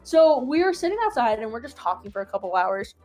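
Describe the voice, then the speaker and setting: A woman's voice: on the high side, fast talker, faint music behind. A young woman casually telling a long story, full of "like" fillers and acted-out quotes. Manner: rambling, filler-heavy "like", animated retelling. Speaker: host.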